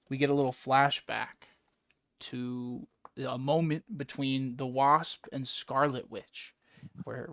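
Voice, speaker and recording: A man hosting a casual comic book chat, animated, swearing and laughing a lot. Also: medium pitch, no room sound, studio quality. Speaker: podcast host.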